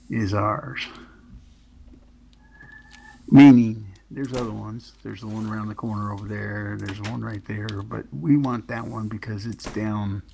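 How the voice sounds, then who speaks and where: Gravelly low-voiced man gaming. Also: slight background noise. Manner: relaxed, drawn-out, joking. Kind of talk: casual gaming chat.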